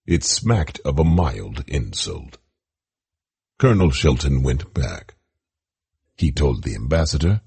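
Audiobook narrator, male, very deep, husky, slow. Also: very animated, mellow. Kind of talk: scripted storybook narration.

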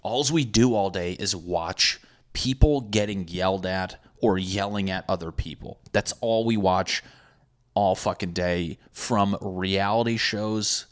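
A man's voice: sits low, a bit bright. A young man talking casually as a podcast host, profane and sarcastic, mocking people in put-on voices. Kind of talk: casual rambling monologue.

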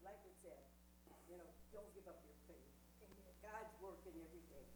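An older woman from the congregation giving an earnest spoken testimony, slowing down to stress key words. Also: lowish voice, a little mellow, roomy sound, low-quality recording.

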